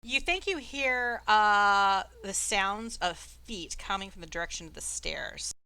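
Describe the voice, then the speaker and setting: Woman, dungeon master, bright voice, dry close sound, casual hesitant narration. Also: medium pitch, lively intonation, unhurried, clean tone, dry recording. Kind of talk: narrating a tabletop game. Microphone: online voice chat.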